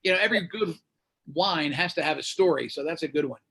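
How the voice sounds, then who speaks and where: Animated storytelling radio host. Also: male voice, a little high, fast talker, creaky, slight background noise. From United States. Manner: animated, acts out quoted voices. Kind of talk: casual storytelling. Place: Florida.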